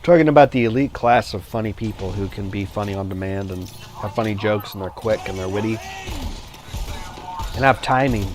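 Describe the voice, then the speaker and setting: A man's voice: fairly low pitch, fairly quick. A man livestreaming a game, chatting casually and rambling between reactions to the play. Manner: rambling, many fillers and restarts, reacts to gameplay. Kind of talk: casual chat while gaming.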